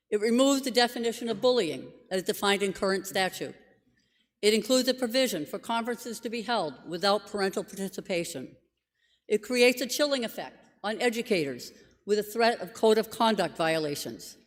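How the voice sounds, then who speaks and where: Formal legislator speaking in an echoing chamber. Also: medium pitch. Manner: measured, formal, lists objections one by one. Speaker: state legislator. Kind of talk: prepared floor speech in a legislature. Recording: long reverb of a legislative chamber.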